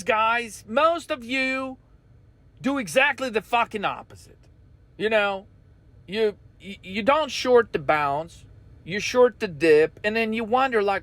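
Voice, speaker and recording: A man's voice: high-pitched, lively intonation, takes it slowly, sharp tone, dry recording. A man hosting a trading channel, delivering a blunt, intense, profanity-laced rant to his viewers.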